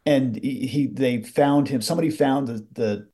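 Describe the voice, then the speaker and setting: A man's voice: mid-range voice, moderate pace. A man co-hosting a podcast, chatting casually and reacting to his partner. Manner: relaxed, reacts with short agreements. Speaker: podcast co-host. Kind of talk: casual chat.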